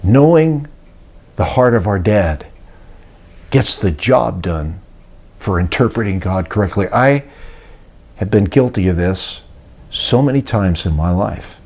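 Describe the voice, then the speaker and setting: A man's voice: lowish voice, lively intonation, measured pace, pauses often, darkish tone, breathy edge. An older man preaching and retelling a story, acting out the voices of those he quotes. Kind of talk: sermon-style teaching talk.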